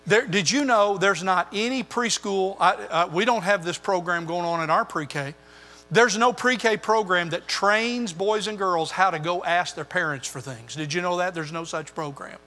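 A man's voice: high-pitched, normal speed, sharp tone, faint music behind. An older man preaching a sermon as pastor, building emphasis through repeated phrases. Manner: preaching with rising emphasis and repetition. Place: church sanctuary. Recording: long hall reverb.

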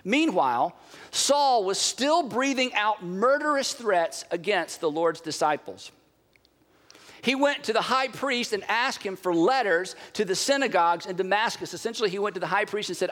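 A man with a high voice preaches to his congregation in a large church, his words trailing into a long hall reverb. He delivers the sermon in an animated way, pausing for effect and acting out the quotes. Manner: animated preaching with dramatic pauses and acted quotes. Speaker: pastor.

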